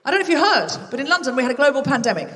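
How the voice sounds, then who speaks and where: A woman's voice: high-pitched, expressive, very fast, fairly bright tone, big-room sound, distant mic, a little hiss or hum. A woman hosting a live comedy podcast on a theatre stage, chatty and self-mocking as she banters with the audience. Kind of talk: live stand-up hosting with crowd work. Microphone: stage microphone.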